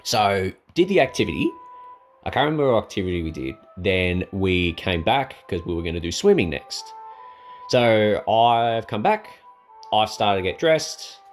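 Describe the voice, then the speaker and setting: An Australian man with a lowish voice spins a casual personal yarn, throwing himself into the back-and-forth of each scene. Faint music plays behind him. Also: moderate pace. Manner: animated, acts out dialogue with jumps in pitch; laughs at his own jokes. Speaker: storyteller.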